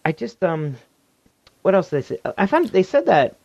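A man's voice: sits high, very animated, moderate pace, vocal fry, a little mellow, dry recording, muffled recording. A man co-hosting a casual gaming news podcast, laughing often and reading listener comments aloud. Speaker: podcast co-host. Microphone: headphones and desk mic.

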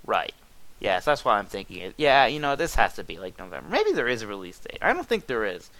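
A young man hosting a casual gaming podcast, animated and quick with asides and laughs. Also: on the low side. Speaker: podcast host.

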